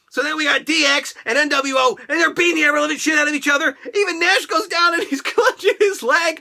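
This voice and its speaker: High, bright, excitable male ranter. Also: fast talker, creaky. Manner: excitable, crude, shouting rants. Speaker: host. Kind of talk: casual profane wrestling review.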